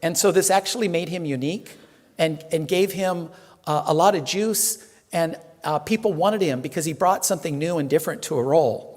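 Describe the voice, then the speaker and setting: A man's voice: on the high side, a little fast, a little mellow. A male reverend giving a casual, joking sermon full of fillers in a temple hall. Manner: chatty, joking, many fillers.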